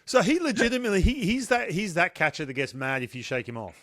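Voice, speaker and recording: A middle-aged man from Australia with an Australian accent, hosting a casual sports chat in a joking, animated way. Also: sits high, fast, no echo, clean studio sound. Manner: joking, animated, self-deprecating. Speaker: podcast host.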